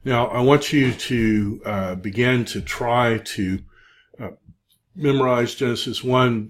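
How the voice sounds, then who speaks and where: A man teaching a recorded Hebrew lesson, speaking haltingly with many fillers and drilling word forms. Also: medium pitch. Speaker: Hebrew instructor. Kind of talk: recorded lecture.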